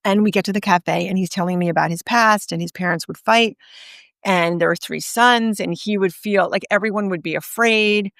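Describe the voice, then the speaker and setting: A woman guest in a podcast interview, telling a story earnestly with emphatic pauses. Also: mid-range voice, vocal fry, a bit bright, no echo, clean studio sound. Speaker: guest author and speaker.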